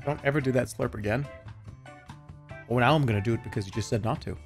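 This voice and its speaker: A man streaming a video game live, narrating his play in an animated, self-mocking way with quick exclamations. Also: medium pitch, faint music behind. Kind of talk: live gameplay commentary.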